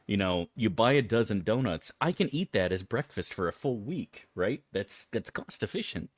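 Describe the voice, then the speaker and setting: A man with a lowish, expressive voice streams a game live at a moderate pace, recorded dry. He chats casually with viewers, swears freely, and complains in an exaggerated, chummy way.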